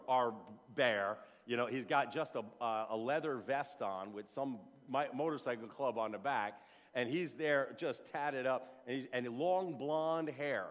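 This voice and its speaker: Animated man preaching in a reverberant church. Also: mid-range voice. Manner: animated storytelling, repeats words when building up. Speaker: pastor. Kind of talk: sermon. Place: church sanctuary. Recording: long reverb in a church hall.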